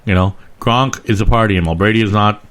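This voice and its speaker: A man's voice: fairly low pitch, quick pace, a bit bright, clear, resonant tone. A man from near Boston with a Boston accent, co-hosting a podcast in blunt, crude casual banter. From near Boston, Massachusetts. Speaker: podcast co-host.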